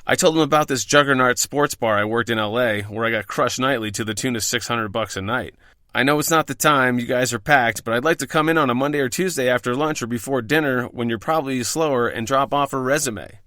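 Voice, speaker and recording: Speaking a little fast in a pushed, bright, medium-pitched voice, a podcast host reads his scripted first-person tales from behind the bar. He's wry, profane and self-deprecating, and the studio-quality recording has no echo.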